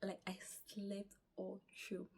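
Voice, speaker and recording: A tired young woman from Nigeria, chatting through a lively, casual travel story outdoors. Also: mid-range voice, slow, husky. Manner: animated, chatty, acts out quoted dialogue. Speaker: travel vlogger.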